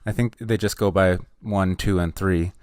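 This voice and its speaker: A man's voice: low-pitched, fairly even intonation, moderate pace, darkish tone, no room sound, studio quality. A man reviewing comics in a casual chat, emotional and hesitant, often trailing off.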